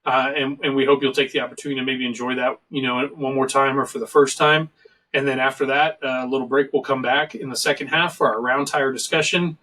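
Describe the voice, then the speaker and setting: A middle-aged man hosts a casual video-call talk show, rambling through joking stories in a voice of ordinary, middling pitch. He sits a little back from his mic, so the sound is slightly distant. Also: steady tone, fast talker, pushed and bright. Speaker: show host. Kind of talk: casual podcast chat.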